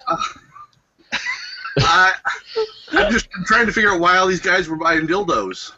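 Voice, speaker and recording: A man co-hosting a comedy podcast, joking deadpan about a film. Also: sits high, unhurried, highs cut off, background noise. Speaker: podcast co-host. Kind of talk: casual comedic podcast chat.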